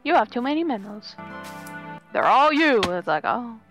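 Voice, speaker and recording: A woman's voice: on the high side, very animated, moderate pace, a bit bright, faint music behind. A woman chatting casually while playing a game with a friend, answering the teasing with dry, sarcastic comebacks. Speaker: co-player on a gaming stream. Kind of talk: casual gaming chat.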